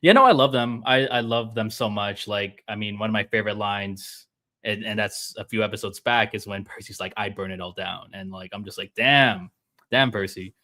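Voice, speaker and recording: A man with a somewhat low voice speaks as a guest on a fan discussion. He rambles with excitement from point to point, heard over a video call. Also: a little fast. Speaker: guest panelist.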